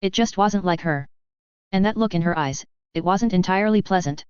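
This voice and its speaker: A woman narrating a science-fiction story in an even, steady reading voice. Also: mid-range voice, normal speed, clear, resonant tone, no echo. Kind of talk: audiobook reading of a sci-fi story. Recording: dull, muffled recording.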